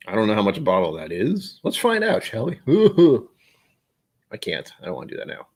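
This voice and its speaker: A man hosting a casual whiskey live stream, rambling and self-deprecating as he gets sidetracked. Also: medium pitch.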